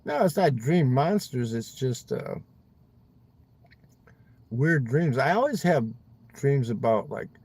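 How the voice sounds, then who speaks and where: A man's voice: mid-range voice, big pitch swings, takes it slowly, long pauses, darkish tone, slightly rough. A man livestreaming from inside his car, chatting loosely with viewers, rambling and swearing, ending lines with "man". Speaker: livestream host. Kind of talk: casual chat with viewers.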